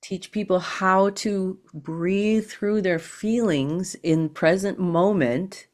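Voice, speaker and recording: A woman guest on a podcast, explaining in a measured, teacherly way and acting out quoted thoughts. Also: medium pitch, a little mellow. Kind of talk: calm explanatory conversation.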